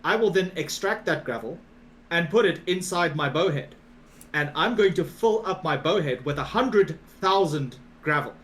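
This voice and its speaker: A man co-hosting a gaming podcast in loose, profane chat that spikes into bursts of disbelief. His voice sits a little high. A faint hum runs underneath. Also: fairly bright tone. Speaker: podcast co-host.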